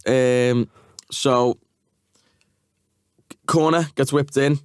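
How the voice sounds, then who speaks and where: A man's voice: medium pitch, steady tone, drawn-out words, clean tone, no room sound. A man as a podcast guest in a studio, talking casually and hesitantly with laughs. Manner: hesitant, many fillers and restarts, laughs. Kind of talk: casual chat.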